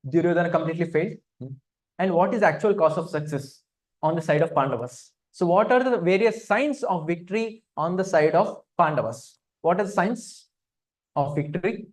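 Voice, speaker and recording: A man's voice: sits high, expressive, moderate pace. A man leading a scripture study class. He talks interactively, asks his listeners questions and often hums between points. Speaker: spiritual teacher.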